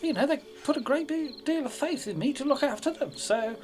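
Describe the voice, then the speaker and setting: A woman's voice: sits high, lively intonation, brisk, noisy background. A woman role-playing her character in a tabletop game, with plummy, polite talk full of stammered restarts. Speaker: player. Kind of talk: in-character roleplay.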